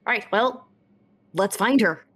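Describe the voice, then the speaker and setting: A woman voicing an indignant, hot-headed young man, outraged and swearing in quick questions. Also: mid-range voice, animated, a bit bright, dry recording.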